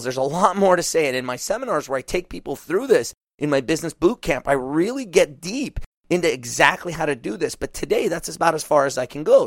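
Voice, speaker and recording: A man coaching small business owners, talking animatedly and acting out what clients say in quick asides. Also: fairly high pitch, no room sound, clean studio sound.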